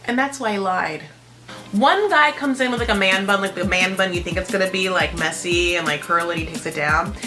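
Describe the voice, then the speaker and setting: A woman's voice: mid-range voice, brisk, music in the background, low-quality recording. A woman hosting a casual reality-TV recap, chatty and profane, packed with "like". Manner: chatty, profane, constant filler "like". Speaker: host.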